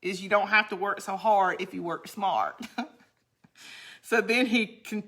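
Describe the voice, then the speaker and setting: Bright-voiced chatty woman. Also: mid-range voice, steady tone, measured pace. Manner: chatty and rambling, laughs often, drops to a quiet count under her breath. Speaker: crafting channel host. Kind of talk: casual chat while crafting.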